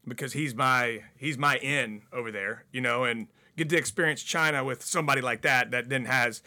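A man's voice: medium pitch, moderate pace. A man telling stories in casual talk on radio, swearing often and acting out the people in them. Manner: profane, animated storyteller. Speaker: guest. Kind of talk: casual storytelling. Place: radio studio.

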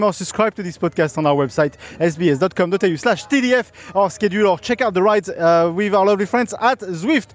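Hesitant podcast host, many fillers. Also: male voice, high-pitched. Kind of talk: casual podcast hosting.

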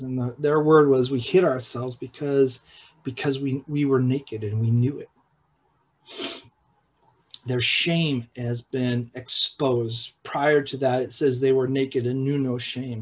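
A man preaching a sermon in a halting way, with repeated words and restarts, at times dropping to a hushed, slow voice for emphasis. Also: medium pitch, breathy edge, rough recording. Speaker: pastor.

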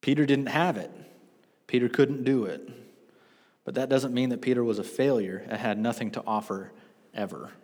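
A man in his thirties preaching a sermon, telling stories with lively self-deprecating asides. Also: medium pitch, normal speed, long pauses. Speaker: pastor. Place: church sanctuary. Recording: long reverb of a church hall.

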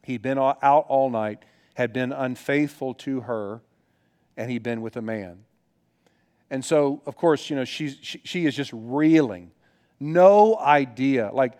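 A man's voice: medium pitch, measured pace, a little mellow. A middle-aged man preaching a sermon as a pastor, telling personal stories in an earnest, conversational way with frequent restarts.

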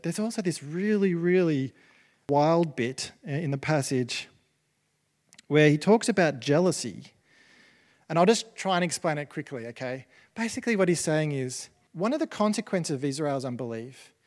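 Man preaching in a reverberant hall. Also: fairly high pitch. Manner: casual, conversational, with many restarts. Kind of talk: sermon.

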